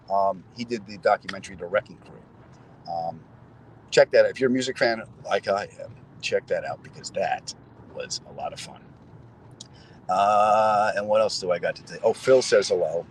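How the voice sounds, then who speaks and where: The clip features a middle-aged comedian host casually telling stories, with asides to his viewers, outdoors in a city square. His pitch is fairly low, and the low-quality recording has a little hiss or hum.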